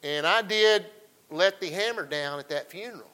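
Folksy preacher, bright voice. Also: male voice, high-pitched, moderate pace, rough recording. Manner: folksy, calls out to the congregation. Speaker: pastor. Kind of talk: sermon.

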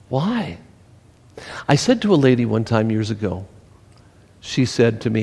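A man preaching a sermon as pastor, animated, swinging from mocking mutters to loud exclamations. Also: medium pitch, unhurried, gravelly, long pauses, slightly rough. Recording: reverberant hall.

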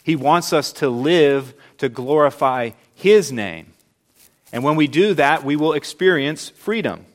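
A man preaching a sermon as pastor, earnest and emphatic, slowing down to stress key words. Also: on the high side, animated.

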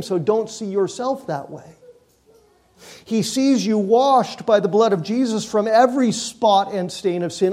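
A man with a high voice delivers a sermon at a slow, deliberate pace. He leans hard on repeated words, building force through lists before easing back. The tone is earnest pastoral preaching. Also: dark tone. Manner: emphatic, repeating key words with slow stresses and rising force.

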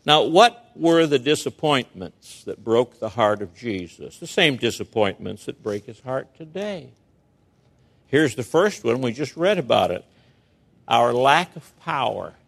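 In a medium-pitched, sing-song, unhurried voice, a male pastor preaches an expository sermon. He reads scripture and unpacks it through forceful rhetorical questions.

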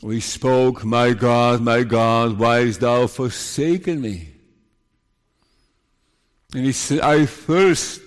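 Slow, solemn preacher man in a reverberant hall. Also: medium pitch. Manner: slow, deliberate preaching with solemn hushed passages and emphatic rises. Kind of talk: sermon.

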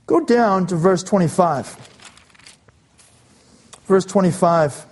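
A male pastor preaching an expository sermon, reading scripture aloud and slowing down to stress key phrases. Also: high-pitched, lively intonation.

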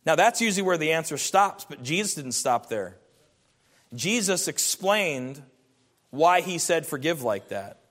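A man's voice: on the high side, big pitch swings, a little slow, fairly bright tone, long reverb tail. A man preaching a sermon as a pastor, earnest and emphatic, his voice rising in bursts.

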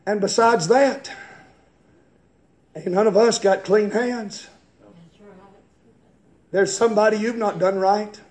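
Fervent preacher, high voice. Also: male voice. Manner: fervent, folksy storytelling that rises into shouting. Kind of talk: sermon.

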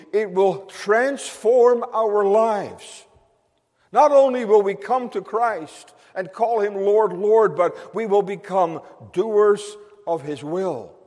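A man with a notably high voice delivers an emphatic sermon to his congregation. He repeats phrases for weight, and his words ring out with a long reverb in the church hall. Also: darkish tone. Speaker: pastor.

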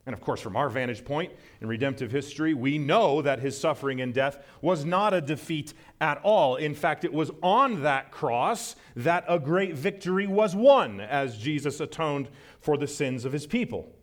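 A man's voice: animated, moderate pace, few pauses. A man preaching a sermon as pastor, earnest, with his voice climbing for emphasis. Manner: earnest, rises in pitch for emphasis and acted quotes.

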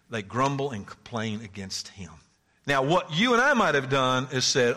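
A pastor delivers a sermon in a reverberant hall, his bright, forceful voice ringing out. Animated and a little slow, he swings between loud, high exclamations and hushed, near-whispered asides, laughing often as he preaches.

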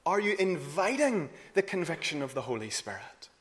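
A man preaching a sermon earnestly, rising to emphatic peaks and then dropping low and soft. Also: very animated, moderate pace. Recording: long hall reverb.

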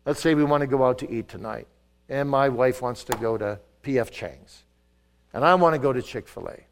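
An older man preaching a sermon in a church, pressing some words hard and dropping others to a hush. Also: medium pitch, moderate pace. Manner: emphatic, swings between loud stresses and soft asides. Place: church sanctuary.

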